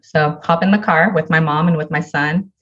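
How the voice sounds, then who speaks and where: A woman's voice: sits low, steady tone, normal speed, a bit bright, highs cut off. A woman, a podcast guest, earnestly telling a personal story and acting out the dialogue in it.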